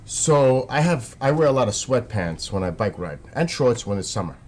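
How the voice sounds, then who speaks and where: A man's voice: mid-range voice, very animated, normal speed, darkish tone. A man with a New York accent, chatting casually and rambling to his viewers on a live stream.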